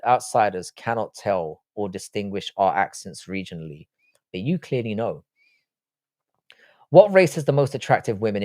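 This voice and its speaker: A man's voice: on the low side, a little mellow, no echo. Blunt London man reading chat aloud. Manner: blunt, reads viewer comments aloud and answers with dry asides. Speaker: livestream host reading chat. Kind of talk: casual live chat.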